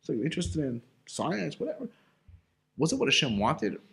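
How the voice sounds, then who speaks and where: A man's voice: fairly high pitch, wildly swooping pitch, normal speed, vocal fry, a bit bright. A man teaching an informal Torah class in a loose, conversational way, full of casual fillers and rhetorical questions. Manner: asks himself rhetorical questions.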